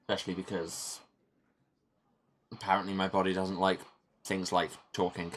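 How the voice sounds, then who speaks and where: A man's voice: deep voice, level tone, normal speed, slight background noise. A man giving wry, joking commentary while playing a game. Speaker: let's player.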